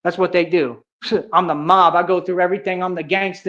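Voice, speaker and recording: Fairly quick and a bit bright, this man's high voice holds a steady tone as he delivers a confrontational, boastful livestream rant heavy on slang like "bro" and "real talk." It comes through dull lo-fi stream audio.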